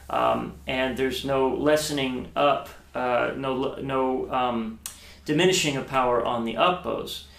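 A man teaches cello in a relaxed video lesson, his mid-pitched voice ringing in a roomy space. He talks it through step by step, pausing on ums and starting sentences over. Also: creaky. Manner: thinking aloud with many fillers and restarts, explains step by step. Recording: echoey room.

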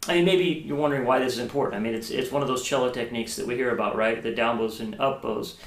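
A man's voice: medium pitch, fast talker. Man teaching cello in an echoey room. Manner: thinking aloud with many fillers and restarts, explains step by step. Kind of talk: casual video lesson.

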